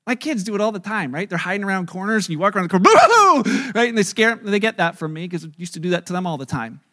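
A middle-aged male pastor preaching a sermon, telling the story with lively acted-out scenes and chuckling as he talks. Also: sits high, rapid-fire. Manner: chuckles while talking.

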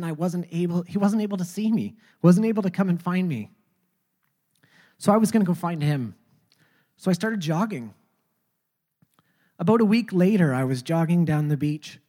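A speaker telling a personal faith testimony in a halting way, often repeating words before going on. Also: mid-range voice, dark tone, long reverb tail. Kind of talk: personal storytelling.

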